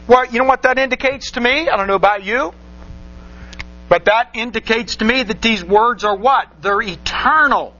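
A man's voice: very high-pitched, normal speed, sharp tone, muffled recording. A man preaching a sermon, reading scripture aloud and repeating phrases for emphasis with rhetorical questions.

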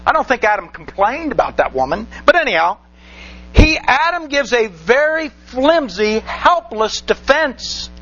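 High, bright-voiced male preacher. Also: very animated, unhurried, highs cut off. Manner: rhetorical questions, repeats phrases for emphasis. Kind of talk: sermon with scripture reading.

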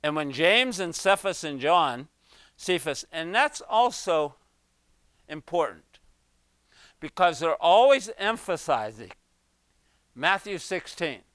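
Earnest man teaching scripture, smooth voice. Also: a little high, big pitch swings, takes it slowly, pauses often, fairly bright tone, no echo. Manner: earnest, emphatic, asks the listeners questions. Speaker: Bible teacher. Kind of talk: sermon, verse-by-verse Bible teaching.

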